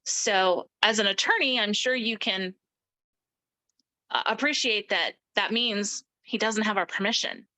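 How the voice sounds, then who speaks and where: Middle-aged woman interview guest, bright forceful tone, emphatic storyteller who voices the people she quotes. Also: medium pitch, unhurried, poor audio. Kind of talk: recounting a personal story.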